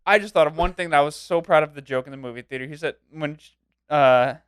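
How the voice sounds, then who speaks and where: A young man co-hosting a casual movie podcast, his voice sitting a touch high for a man. He tells scenes in an animated way and slips into quick acted-out quotes. The recording is close and dry. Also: clean tone, no room sound. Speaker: podcast co-host. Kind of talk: casual movie review chat.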